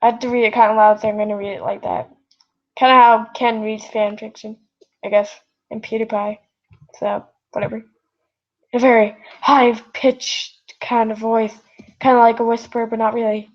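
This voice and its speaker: Her voice is a little high and level in tone, moving at a moderate pace as she reads fan fiction aloud at home one night. She rambles, interrupts herself with apologies, and the built-in device mic yields lo-fi sound.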